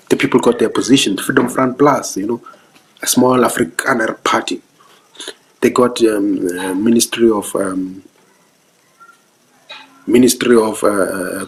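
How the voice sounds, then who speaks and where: On a roughly recorded live stream, a young South African vlogger with a lowish voice delivers casual commentary. He has a South African accent and an earnest, preachy tone, and he often asks if you understand.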